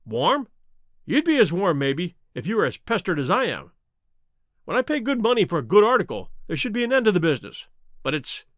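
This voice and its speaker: A stubborn, short-tempered poultry seller who blusters and bristles, as a male narrator puts him on. The voice rides high and swings widely in pitch. The sound is close and completely dry. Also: no room sound. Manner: blustering, indignant, raised voice. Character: irritable cockney poultry salesman, stubborn, proud. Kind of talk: audiobook character reading.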